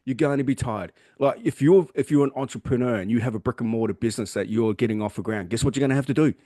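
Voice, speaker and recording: A man's voice: mid-range voice, fast talker, warm tone, no echo, studio quality. A man co-hosting a podcast and talking as a gym trainer in casual motivational chat, blunt, emphatic and full of swearing. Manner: blunt, heavily profane, emphatic.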